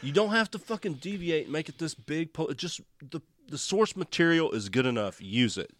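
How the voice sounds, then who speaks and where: A man's voice: fairly high pitch, animated, normal speed. A man co-hosting a casual podcast, opinionated and emphatic, swearing as he argues his points. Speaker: podcast co-host. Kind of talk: casual chat reviewing a TV show.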